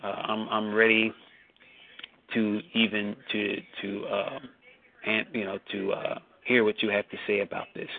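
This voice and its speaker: A man's voice: fairly low pitch, little pitch movement, measured pace. A man hosting a call-in show, talking casually with many restarts and growing indignation. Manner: hesitant, repeats words, indignant. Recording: tinny phone-line audio.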